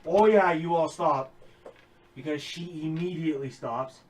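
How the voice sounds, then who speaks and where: A game master narrating a tabletop game with animated storytelling and acting out characters, over background music. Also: medium pitch, a little slow, distant mic, poor audio.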